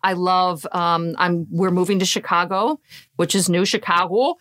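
A woman's voice: lowish voice, fairly even intonation, moderate pace, fairly bright tone. A woman with a Boston accent, co-hosting a podcast in casual, chatty conversation with rambling restarts. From Boston area. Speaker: podcast co-host, coach. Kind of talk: casual chat.

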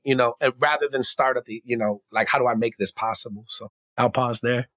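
A man talking as a podcast guest in casual conversation, animated and slangy, often laughing and acting out his own voice. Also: mid-range voice, brisk, dry recording, clean studio sound.

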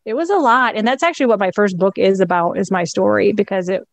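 A woman's voice: medium pitch, fast talker, no room sound. A middle-aged woman, a guest in an interview, candidly and reflectively telling a personal story with a laugh now and then.

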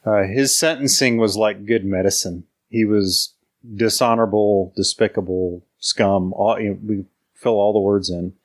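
Low-voiced man, halting book chat. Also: steady tone. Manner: slow, halting, with many fillers and restarts. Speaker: book club podcast co-host. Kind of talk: casual chat, reading a quote aloud.

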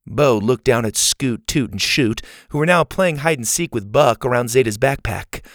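A man narrating a children's storybook in a lively, expressive way. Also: mid-range voice, normal speed, hardly any pauses, no echo, studio quality. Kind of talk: storybook read-aloud narration.

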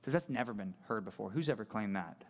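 A male pastor preaching a sermon in a casual, conversational, animated way. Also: on the low side, fast talker.

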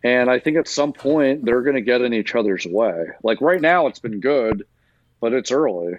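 A man, a sports writer, giving a measured, caveat-heavy analysis as a guest in a casual talk. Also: mid-range voice, lively intonation, no echo, muffled recording.

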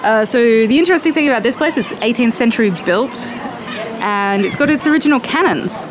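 A woman's voice: a little high, lively intonation, brisk, crowd noise, background noise. A young woman co-hosting a casual travel podcast, friendly and chatty with an easy giggle, recorded outdoors. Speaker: podcast co-host. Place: outdoors at a seaside fort.

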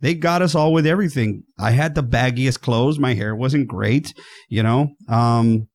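A man in his thirties co-hosting a casual movie review podcast. He is enthusiastic and self-mocking, swears freely, and his pitch jumps when he gets excited. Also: normal speed. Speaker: podcast co-host.

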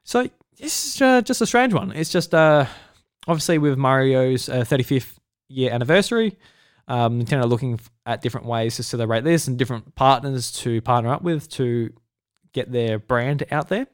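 A man's voice: mid-range voice, expressive, moderate pace, clear, resonant tone, no room sound, clean studio sound. A man with an Australian accent hosting a solo podcast in a casual, rambling way, full of fillers and restarts. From South Australia. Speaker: podcast host.

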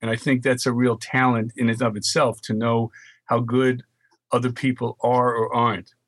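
Older Bronx man telling lively stories. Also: mid-range voice, moderate pace, dry recording. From New York, Bronx. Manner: animated anecdotes with quoted dialogue. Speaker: guest. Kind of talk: storytelling interview.

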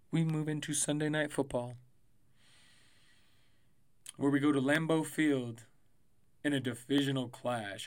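A man's voice: medium pitch, steady tone, unhurried, long pauses, fairly bright tone. A young adult man hosting a podcast, talking casually and rambling with frequent swearing. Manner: rambling, profane, loose and chatty. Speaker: podcast host. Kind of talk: casual sports prediction podcast.

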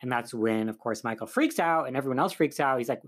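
A man's voice: mid-range voice, moderate pace, few pauses, fairly bright tone. A man casually recapping a film's plot as a reviewer, rambling with lots of fillers. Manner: chatty, rambling, full of "like" and "um". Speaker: film reviewer.

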